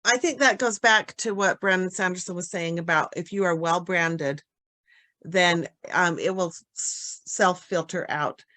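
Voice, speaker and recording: A woman speaking as a guest trainer on a casual video call, thoughtful with filler pauses. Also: on the low side, sharp tone.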